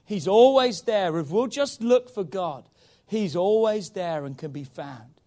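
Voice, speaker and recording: A male pastor preaching a sermon, emphatic and urging, often saying "come on" and swinging between loud pushes and quiet stretches. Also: sits high, animated, measured pace. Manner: emphatic, repeats "come on", rises and drops in volume.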